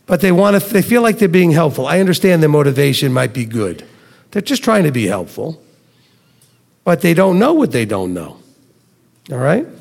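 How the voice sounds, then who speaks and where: A man's voice: fairly high pitch, big pitch swings, normal speed, gravelly, pauses often, a little mellow. A middle-aged man giving a conversational Bible teaching on a live stream, telling homely stories. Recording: long hall reverb.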